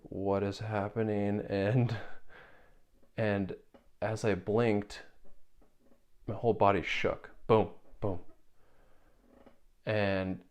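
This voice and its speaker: A young man earnestly telling a personal spiritual story, halting and repeating words as he searches for how to describe it. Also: deep voice, a little mellow. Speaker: spiritual video creator.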